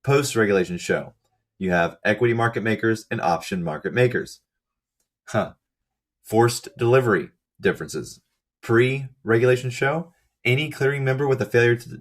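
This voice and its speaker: A man with a hoarse, fading voice walks methodically through slides of a research paper, reading out lists and figures with brief asides. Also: mid-range voice, fairly quick. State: hoarse, losing his voice. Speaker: channel host explaining research.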